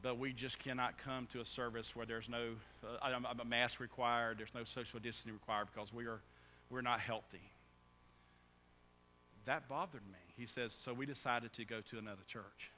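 A man preaching a sermon as pastor, often stammering and restarting, then building to loud, fervent preaching. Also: mid-range voice, fairly even intonation, moderate pace. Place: church sanctuary. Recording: echoey hall with faint hum.

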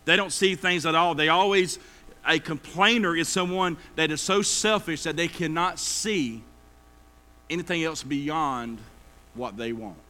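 Bright-voiced preacher man. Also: on the high side, unhurried. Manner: folksy, acts out complainers in everyday voices. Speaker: pastor. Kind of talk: sermon.

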